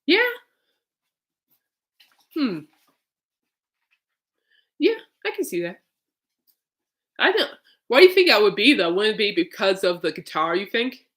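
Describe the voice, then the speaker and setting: A woman's voice: mid-range voice, sing-song, a little slow, long pauses, fairly bright tone. A woman hosting a podcast in casual, rambling chat, laughing often. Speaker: podcast host.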